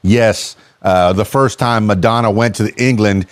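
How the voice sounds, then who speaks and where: A middle-aged American man with a low voice hosts a casual podcast chat. He rambles and circles back, restarting sentences as he asks questions, and the sound is dry and close. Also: steady tone, a little slow, clear, resonant tone, no echo. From United States. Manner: rambling, curious, hesitant with many restarts. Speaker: podcast host. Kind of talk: casual interview.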